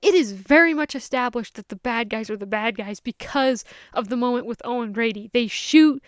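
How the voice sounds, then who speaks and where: A woman giving a casual, animated film review, ranting and acting out characters' lines as she goes. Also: a little high, moderate pace, smooth, dry recording, studio quality. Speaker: movie reviewer.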